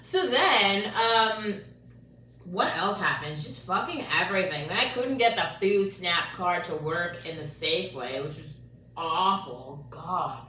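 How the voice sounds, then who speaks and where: Woman vlogger, crude storytelling rant, loud laughing bursts then low muttering, sharp voice, sits back from the mic. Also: lively intonation, unhurried, slight background noise. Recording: echoey room, distant from mic.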